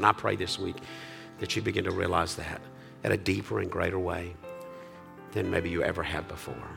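Gravelly low-voiced pastor closing a service. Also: male voice, a bit bright, faint music behind. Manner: earnest, halting with restarts and fillers. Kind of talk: sermon and farewell prayer. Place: church sanctuary.

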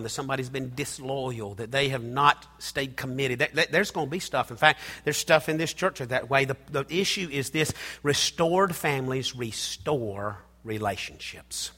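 In a large church hall, a pastor preaches at medium pitch and normal speed, his tone bright and forceful. He is emphatic, repeats phrases, and calls out to the congregation.

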